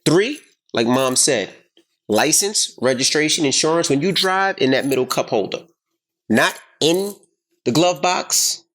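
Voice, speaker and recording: Animated, swearing man telling a story. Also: a little high, unhurried. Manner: animated, profane, acts out quotes loudly. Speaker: podcast co-host. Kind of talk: casual storytelling chat.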